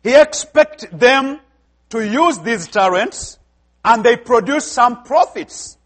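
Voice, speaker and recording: Man, African accent, very high voice, emphatic sermon, quizzes the congregation. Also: expressive, slow, a bit bright. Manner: emphatic, asks the congregation questions. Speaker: preacher.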